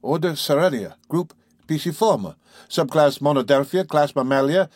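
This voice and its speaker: A man's voice: on the high side, animated, moderate pace, a little mellow, no echo, clean studio sound, voice pushed up. A man voicing an earnest, formal young male servant in a read-aloud adventure story.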